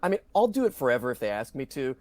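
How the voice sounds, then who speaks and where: A man's voice: mid-range voice, big pitch swings, racing, a little mellow, dry recording. A middle-aged man, a voice actor, answering interview questions in an earnest, talkative way. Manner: earnest, talkative, full of "you know" fillers. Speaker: voice actor guest.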